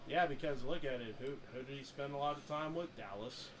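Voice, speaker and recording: A man's voice: mid-range voice, fairly quick, slight background noise. Blunt man chiming in on sports talk. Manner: short agreeing interjections, blunt and profane. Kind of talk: casual profane sports chat.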